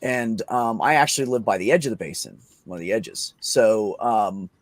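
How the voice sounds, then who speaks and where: A man chatting casually on a podcast, telling excited stories and swearing often. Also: fairly low pitch, normal speed, no echo. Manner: excited storytelling, frequent swearing. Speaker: podcast host. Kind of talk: casual chat.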